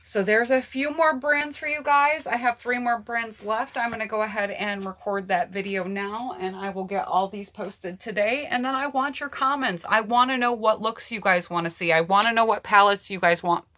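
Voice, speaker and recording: A woman's voice: medium pitch, moderate pace, hardly any pauses, sharp tone. A woman beauty vlogger chatting casually through her eyeshadow palettes and talking straight to her viewers. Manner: chatty, personal opinions, addresses viewers directly. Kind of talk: casual makeup palette review.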